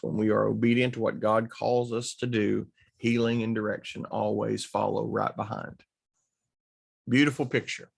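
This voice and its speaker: A man's voice: mid-range voice, gravelly. A man teaching from the Bible in a casual, conversational way, asking rhetorical questions and acting out what people say. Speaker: preacher and teacher.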